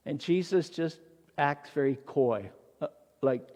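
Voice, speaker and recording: A man's voice: a little high, lively intonation, measured pace, mellow, big-room sound. A male pastor preaching a sermon in a church, in a storytelling manner.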